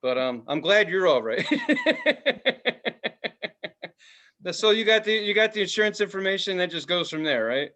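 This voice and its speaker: Male podcast co-host with a higher-than-average, very animated voice, casual and profane, jokey delivery. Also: measured pace. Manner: profane, jokey banter with sudden silly voices. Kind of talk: casual chat.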